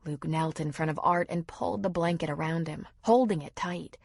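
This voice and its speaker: A woman reading a novel aloud in steady, measured scripted narration. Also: low-pitched, creaky, husky, dry recording, clean studio sound. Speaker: audiobook narrator.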